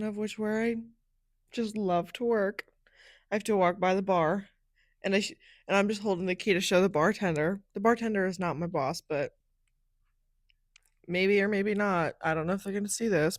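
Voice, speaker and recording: A young woman hosting a podcast, telling a personal story in a chatty, animated way, often saying "like", on a close microphone. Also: mid-range voice, no echo. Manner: animated, chatty, heavy use of "like". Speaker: podcast host.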